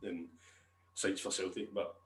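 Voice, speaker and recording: A man's voice: low voice, little pitch movement, a little slow, a bit bright, echoey room. A Scottish man co-hosting a podcast, chatting casually and laughing often. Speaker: podcast co-host. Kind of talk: casual chat.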